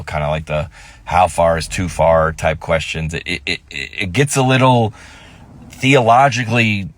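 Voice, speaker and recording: A male comedian telling a story to camera, rambling and breaking off into quick asides. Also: sits low, dry recording.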